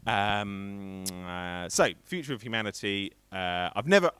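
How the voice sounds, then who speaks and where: A man's voice: on the low side, measured pace, fairly bright tone, clean tone, no echo. A man in his thirties doing a rambling, self-deprecating stand-up set on a stream. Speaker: stand-up comedian.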